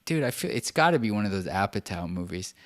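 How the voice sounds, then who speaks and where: A man's voice: fairly low pitch, very animated, quick pace. A man hosting his own show, ranting in casual, profane, sarcastic commentary and laughing as he talks. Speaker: podcast host.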